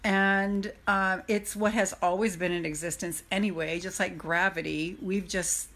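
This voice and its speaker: A woman working as an emotional freedom coach, speaking in an excited, laughing live-stream monologue. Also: on the low side, a little slow. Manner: bubbly, laughing, breathless enthusiasm.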